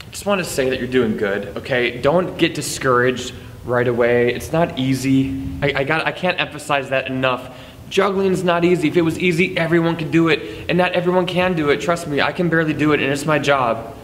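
A man's voice: fairly high pitch, fairly quick. Man, juggling teacher, chatty and jokey, counts throws aloud, reverberant room with faint background noise. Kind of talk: casual tutorial to camera.

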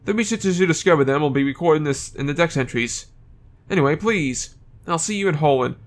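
A man's voice: on the high side, expressive, brisk, close to an everyday voice. A man reading game lines as an eager male professor, stumbling over place names. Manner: reads dialogue aloud, stumbles over names.

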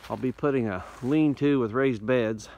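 Speaking at a normal speed in a medium-pitched, darkish voice, a bushcraft vlogger with an Indiana accent chats to the phone in his hand outdoors in the winter woods. He rambles in a folksy, easygoing way, a little winded from walking uphill. The audio has no echo, and its highs are cut off.

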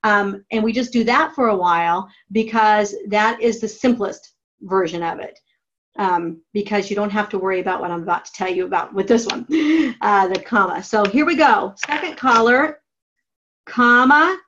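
A woman writing teacher giving a classroom grammar lesson, dictating each step slowly and deliberately. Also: medium pitch, a bit bright, muffled recording. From United States. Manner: slow, deliberate dictation of steps.

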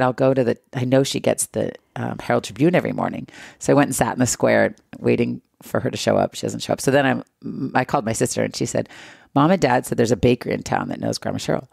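A woman's voice: a bass voice, creaky, no room sound, clean studio sound. A middle-aged woman from the United States, telling a travel story as an interview guest and acting out the quoted lines. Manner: lively anecdotal storyteller who acts out quoted dialogue.

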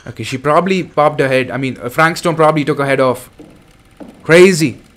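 A young man hosting a horror game playthrough, reacting loudly and excitably, with frequent swearing. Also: a little high, a little fast. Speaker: gaming channel host. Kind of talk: let's play commentary.

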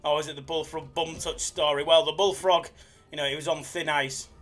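A man's voice: a little high, fairly even intonation, fairly quick, a bit bright, faint music behind. A young man hosting a casual live stream, joking and reading out viewers' messages. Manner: jokey, chatty, reads chat aloud. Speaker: slots live streamer, host.

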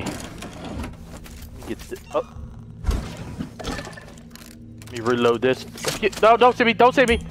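Jumpy, swearing gamer man, high voice. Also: sing-song, a little slow, pauses often, background noise. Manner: jumpy, swearing, panicky repeated shouts and laughter. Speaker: let's play gamer. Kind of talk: horror game commentary. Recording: loud game music and effects behind.

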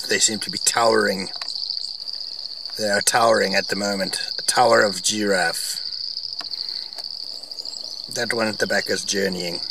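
A man on a game drive giving rambling, opinionated, wry commentary outdoors from a vehicle. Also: lowish voice. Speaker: vlogger on safari. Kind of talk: casual commentary. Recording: distant mic, faint outdoor noise.

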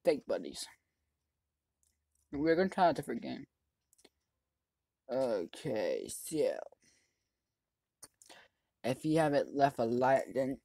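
Excitable let's-play host, chatty commentary with sudden yelling, mid pitch, dry close mic. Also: slow pace, vocal fry, pauses often, no room sound. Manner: excitable, yells at other players; chatty running commentary on the game. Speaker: gaming channel host.

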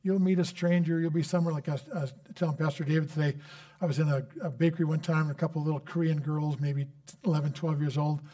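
Man, guest preacher, sermon, fairly high voice, earnest, storytelling, fervent prayer. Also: fairly even intonation, quick pace, dark tone.

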